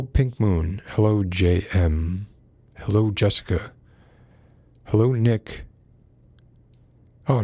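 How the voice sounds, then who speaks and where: A man's voice: sits low, warm tone, no room sound. A man hosting a casual livestream, reading philosophy aloud and breaking off to ramble and greet viewers in the chat.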